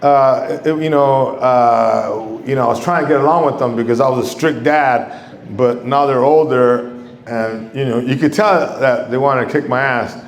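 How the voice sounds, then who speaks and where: A man's voice: mid-range voice, moderate pace, background noise. A middle-aged man, telling stand-up stories on a comedy club stage. He rambles, swears a lot and acts out quoted voices. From Mexico. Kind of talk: stand-up storytelling. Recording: echoey club room.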